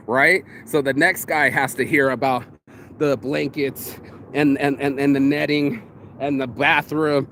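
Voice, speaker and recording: A man's voice: mid-range voice, a bit bright, a little hiss or hum. A man delivering a profane, rambling rant, circling back with restarts as he talks. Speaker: vlogger. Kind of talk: ranting monologue.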